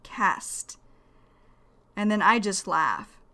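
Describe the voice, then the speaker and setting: A woman teaching English vocabulary, explaining idioms slowly and deliberately and repeating each phrase. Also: mid-range voice, animated, vocal fry, bright, forceful tone.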